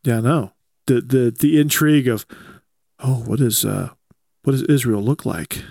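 A male podcast host with a gravelly, fry-edged voice and a mid-range pitch. He chats loosely and rambles, and the sound is close and dry with no room echo. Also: normal speed, a little mellow. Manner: laid-back, rambling, reads ads conversationally. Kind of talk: casual chat.

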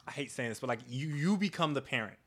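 A young man in casual podcast chat, animated and joking, laughing often. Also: medium pitch, quick pace.

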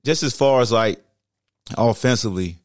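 A man's voice: mid-range voice, moderate pace, darkish tone, no room sound, clean studio sound. A man co-hosting a podcast, teasing and boasting in casual trash-talking chat. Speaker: podcast co-host.

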